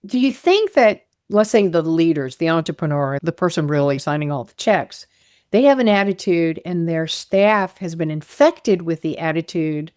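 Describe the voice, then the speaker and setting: An expressive woman host interviewing a guest in a casual way, her questions broken up by laughs. Her voice sits on the low side for a woman. The sound is dry and close. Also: moderate pace, dry recording. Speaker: podcast host.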